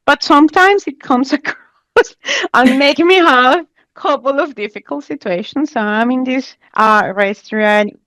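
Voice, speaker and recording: Animated woman with a non-native accent. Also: sits high, a little slow, no echo. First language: not English. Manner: animated, laughs often, acts out quotes. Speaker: podcast guest. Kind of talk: casual chat, storytelling.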